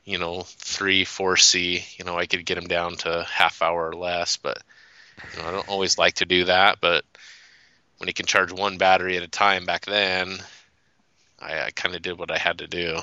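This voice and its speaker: A man talks over a casual podcast in halting fashion, full of pauses and restarts. His voice is very deep yet sharp and clear-toned. The sound is dry and a little dull. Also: flat delivery, dry recording. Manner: halting, with many fillers and restarts. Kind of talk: casual chat.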